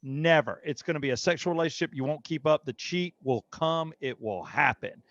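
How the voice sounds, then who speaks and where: Middle-aged guy telling dirty stories, brash and loud, kinda dull dry mic sound. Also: fairly high pitch, fairly quick, dry recording. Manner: brash, bawdy, animated storytelling. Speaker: guest comedian. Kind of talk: casual storytelling.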